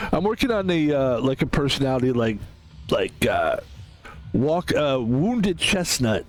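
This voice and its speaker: A man's voice: medium pitch, sing-song, a little slow, soft background music. A man chatting casually to his viewers while gaming on stream, rambling, mocking himself and swearing freely.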